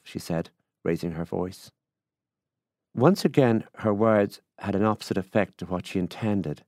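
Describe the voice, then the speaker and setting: Deep-voiced Irish man reading a story. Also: a little slow, darkish tone, dry recording, studio quality. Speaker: reader. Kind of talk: literary reading.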